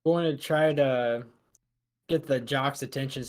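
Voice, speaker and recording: A man's voice: medium pitch, unhurried, a little mellow. A man playing a tabletop game, answering in short, wry remarks. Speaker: player. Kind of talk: casual tabletop play.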